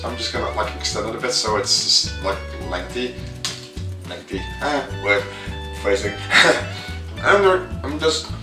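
A man rambling casually through a toy unboxing vlog, chatty and self-mocking, his voice a little hoarse. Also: fairly low pitch, lively intonation, unhurried, music in the background. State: slightly hoarse voice. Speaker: vlogger reviewing a toy. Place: room indoors. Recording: echoey room, mic at a distance.

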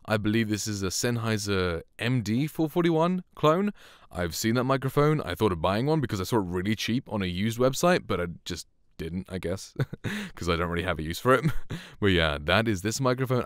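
A man talks through a casual microphone demo in a low voice. The sound is smooth and resonant, and it is recorded very dry and close. He rambles a little, laughs at himself and keeps the mood loose. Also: lively intonation, a little fast, no room sound. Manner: rambling, chuckles often, self-deprecating. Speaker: host reviewing microphones. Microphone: studio condenser microphone.

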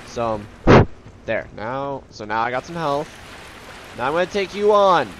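A man doing let's play commentary, excitable and self-mocking, yelping and groaning when things go wrong. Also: medium pitch, measured pace, heavy background noise. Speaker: gameplay commentator.

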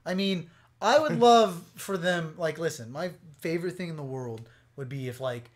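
A young man co-hosting a casual podcast, excitable and swearing freely, trailing off into fillers. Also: fairly high pitch, moderate pace. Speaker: podcast co-host. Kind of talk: casual chat.

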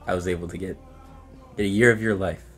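A young man giving an emotional, halting farewell to a friend. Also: sits low, steady tone, a bit bright, soft background music. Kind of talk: farewell message.

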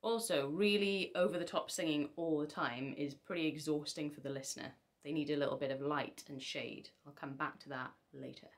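A woman's voice: deep voice, fairly even intonation, fairly quick, hardly any pauses. A young woman, a singer, giving casual vocal tips to camera with chatty, self-deprecating asides.

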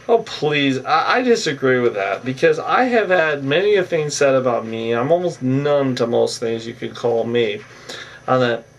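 A man's voice: on the high side, distant mic. A man casually recapping a reality show episode in a rambling monologue, chuckling often and tacking filler phrases onto his sentences, with the occasional opinionated aside.

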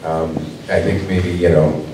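A man's voice: deep voice, level tone, unhurried, a crowd in the background. A man on a convention panel as an actor guest, talking casually and rambling with lots of fillers and restarts. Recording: roomy hall sound from far off.

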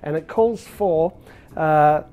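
A man's voice: fairly high pitch, slow pace, mellow. A man hosting a cocktail demonstration as a bartender, talking in a chatty, upbeat way with frequent filler words. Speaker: bartender and show host.

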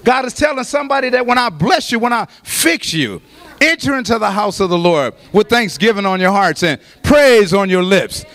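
A man in his late fifties, a pastor preaching a sermon in church, with rhythmic repeated lines that build to shouts. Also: high voice, lively intonation, normal speed. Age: 50s. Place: church sanctuary.

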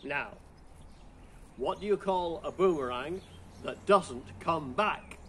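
A man's voice: fairly high pitch, slow pace, fairly bright tone, a little hiss or hum. A man running a playful Christmas riddle routine, puzzling aloud over each one before chuckling at the answer.

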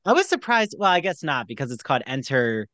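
A man's voice: medium pitch, fairly quick, dry recording. A man co-hosting a casual podcast chat about a TV show, gushing and acting out quotes as he talks. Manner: animated, gushing, acts out quotes. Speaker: podcast co-host.

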